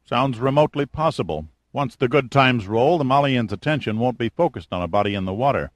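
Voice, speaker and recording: A man's voice: medium pitch, lively intonation, brisk, no room sound, natural voice. A man voicing a wary, scrappy male sidekick who talks bluntly and sardonically. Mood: sardonic.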